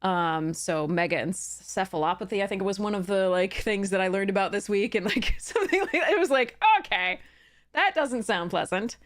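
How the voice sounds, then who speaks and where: Woman streamer, young adult, casual live chat, rambling with lots of ums and restarts, mid-pitched voice. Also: lively intonation, a little fast, few pauses.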